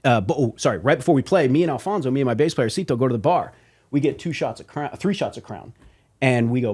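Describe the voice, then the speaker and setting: A man's voice: mid-range voice, fast talker, husky. A man from Las Vegas, a professional drummer and podcast guest, telling stories in casual chat, slangy and swearing, calling people "bro". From Las Vegas, USA. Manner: animated, slangy, swears, says "bro", acts out quotes.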